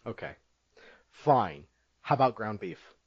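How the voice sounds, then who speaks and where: A man's voice: lowish voice, animated, slow pace, no room sound. A young man co-hosting a podcast in casual chat, teasing his friend and laughing often. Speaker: podcast co-host. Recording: dull lo-fi podcast audio.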